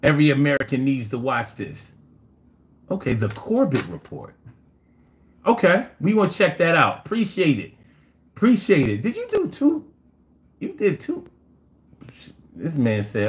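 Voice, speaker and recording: A man's voice: mid-range voice, huge pitch swings, normal speed, long pauses, a little hiss or hum. A man hosting a live call-in stream, talking loosely and playfully, reading chat messages aloud and using slang. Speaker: livestream talk show host.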